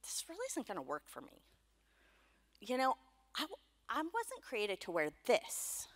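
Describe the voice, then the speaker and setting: A woman's voice: fairly high pitch, huge pitch swings, unhurried, long reverb tail. A woman voicing a young male shepherd who will be king, rattling things off in a rush. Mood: calm, sure.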